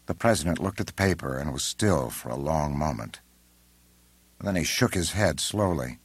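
A man narrating an audiobook in a measured, unhurried way, recorded close on a studio mic. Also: extremely low pitch, lively intonation, slightly rough, no room sound. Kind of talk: scripted narration.

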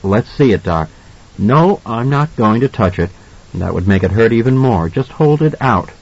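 A man voicing a grim, blunt father who speaks in a husky, matter-of-fact way. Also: mid-range voice, lively intonation, normal speed, highs cut off.

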